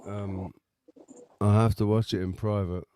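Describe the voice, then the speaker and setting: A man's voice: lowish voice, level tone, unhurried, background noise. A man hosting a casual chat, with dry, sarcastic remarks and frequent swearing.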